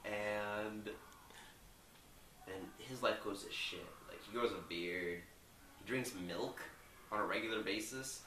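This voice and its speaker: A man's voice: lowish voice, slow, long pauses, sharp tone, reverberant, distant mic, slight background noise, low-quality recording. A young man loosely retelling a movie plot, rambling with lots of filler words. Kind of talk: rambling casual movie recap.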